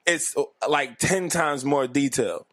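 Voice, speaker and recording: A man's voice: on the high side, a bit bright, no room sound. A man in his thirties co-hosting a podcast, talking bluntly and insistently with plenty of swearing in a casual chat. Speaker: podcast co-host.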